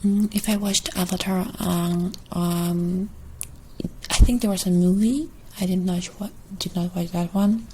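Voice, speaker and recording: A young woman with a German accent and Russian as her first language, soft and hesitant in a whispered ASMR Q&A. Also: on the low side, fairly even intonation, slight background noise, low-quality recording. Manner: soft, hesitant, many pauses. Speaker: ASMR creator.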